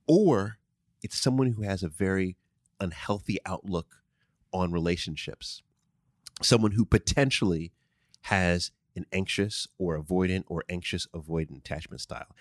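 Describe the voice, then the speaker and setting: Deep-voiced man giving emphatic advice. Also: moderate pace, dry recording, studio quality. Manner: emphatic, repeats key phrases, frequent "right?". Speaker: podcast host answering listener questions. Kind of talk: casual advice talk. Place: studio.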